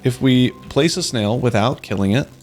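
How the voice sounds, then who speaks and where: A man's voice: mid-range voice, moderate pace, darkish tone. A young man commenting on his live game stream in a playful, joking, mock-dramatic way. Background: faint game music.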